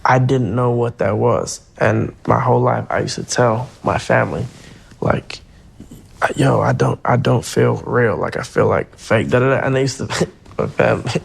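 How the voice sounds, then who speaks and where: Gravelly, husky man telling a story. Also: medium pitch, normal speed. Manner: loose, slangy storytelling. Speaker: interview guest. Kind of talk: casual interview talk.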